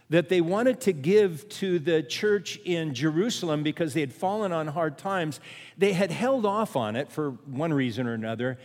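Pastor preaching in a reverberant hall. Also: male voice, a little high. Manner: repeats refrains, asks the listeners questions. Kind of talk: sermon.

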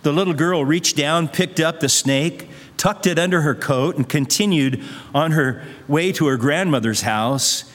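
A man's voice: fairly high pitch, a little slow. A male pastor preaching a sermon in a conversational, earnest way, weaving in a story. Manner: conversational, earnest, uses fillers. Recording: long hall reverb.

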